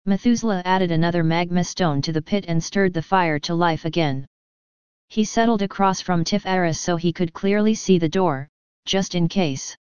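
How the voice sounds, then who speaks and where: Clear woman narrating a storybook. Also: lowish voice, darkish tone, no echo, dull audio. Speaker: audiobook narrator. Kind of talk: scripted storybook narration with character dialogue.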